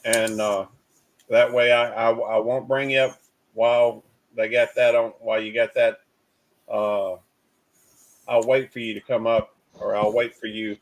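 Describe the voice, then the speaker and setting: A man hosting a casual live stream, talking in halting, repeated starts as he greets callers and tells a dad joke. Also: mid-range voice, level tone, poor audio. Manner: halting, repeats words, cautious. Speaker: stream host.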